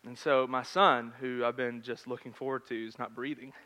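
A man in his thirties preaching a sermon in a conversational storytelling manner, swinging between loud and hushed. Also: medium pitch, level tone, moderate pace, a little hiss or hum. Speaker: pastor.

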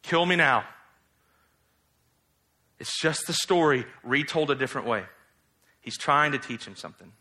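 Bright-voiced man preaching conversationally. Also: mid-range voice, a little fast. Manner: conversational, animated, rhetorical questions. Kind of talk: expository sermon.

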